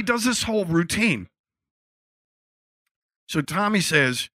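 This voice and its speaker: Bright-voiced man telling animated stories. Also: mid-range voice, unhurried, pauses often, no echo. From Philadelphia. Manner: animated storyteller acting out quotes, swears freely. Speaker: guest telling a story. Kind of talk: casual anecdote.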